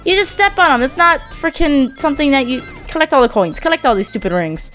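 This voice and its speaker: A young woman giving excitable let's play commentary, whooping and yelling at the game. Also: sits high, moderate pace, faint music behind. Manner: excitable, loud whoops and squeals. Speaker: gaming YouTuber.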